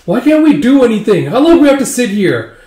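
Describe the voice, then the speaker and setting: A man's voice: extremely high pitch, very animated, quick pace, dark tone, echoey room, pitched above the performer's own voice. Whiny bored young bride, as a man puts her on. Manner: complaining, pleading.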